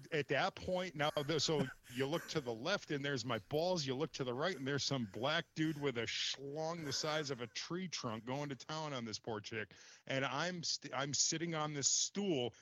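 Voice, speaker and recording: A man telling an embarrassing story in casual chat, animated and exasperated, swearing casually. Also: on the high side.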